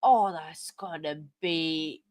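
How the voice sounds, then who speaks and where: A woman's voice: deep voice, slow pace, no echo. A woman hosting a live stream in casual chat, flustered and apologetic as she reads and answers viewer chat. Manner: flustered and apologetic, many fillers.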